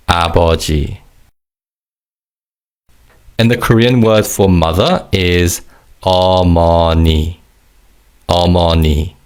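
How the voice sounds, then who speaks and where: A man with a low, slightly gravelly voice teaches a recorded language lesson. His intonation moves a lot as he explains each word clearly and patiently and leads repeat-after-me drills.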